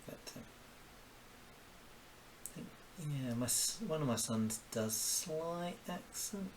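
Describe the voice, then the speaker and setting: This man speaks with a Kent accent, being from Kent in England, and his voice sits on the high side with a lively lilt and a slow pace. At home, cooking dinner while drawing a cartoon live, he chats casually, rambles, and mutters little exclamations to himself. The background is noisy.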